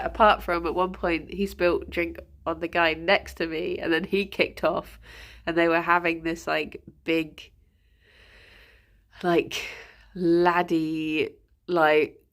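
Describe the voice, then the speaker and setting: A woman streaming, chatting casually and laughing often between fillers. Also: on the low side. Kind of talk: casual chat.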